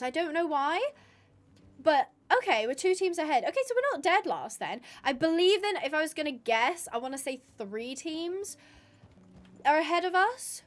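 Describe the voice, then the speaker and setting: High-voiced, chatty woman streaming. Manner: chatty and rambling, with many fillers and restarts. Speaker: streamer and roleplayer. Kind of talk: casual live-stream chat while gaming.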